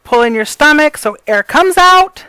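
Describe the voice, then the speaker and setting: A woman's voice: sits high, expressive, normal speed, pushed and bright, no room sound, low-quality recording. A woman giving a casual voice tutorial, rambling with many fillers. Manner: rambling, filler-heavy, apologetic. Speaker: voice coach.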